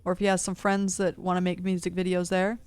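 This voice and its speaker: A woman's voice: lowish voice, completely flat delivery, quick pace, a little mellow, clean tone, dry recording, soft background music. A woman in a ranting monologue at home, agitated and accusatory, swearing constantly, into a studio dynamic mic. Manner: agitated, heavy cursing, accusatory. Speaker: streamer.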